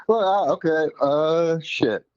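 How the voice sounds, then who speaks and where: Male caller, unsure and halting, dry muffled phone-in sound. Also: a little high, a little mellow, no room sound. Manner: hesitant, stammering restarts. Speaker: caller, fellow comedian. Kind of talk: casual phone-in chat.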